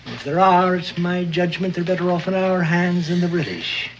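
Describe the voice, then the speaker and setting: An actor playing a gruff, crafty old sea captain who talks in booming, theatrical sailor slang, in a 1960s television drama. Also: male voice, normal speed, slight background noise. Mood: scheming. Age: older. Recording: dull old TV soundtrack with music.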